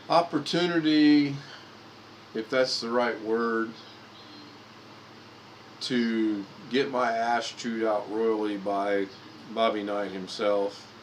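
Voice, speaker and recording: A man in his fifties from Indiana, talking through a relaxed livestream in a somewhat low voice. He rambles from one anecdote to the next, restarting phrases and correcting himself as he goes, with a faint air-conditioning hum in the room behind him. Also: low-quality recording. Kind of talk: casual storytelling monologue.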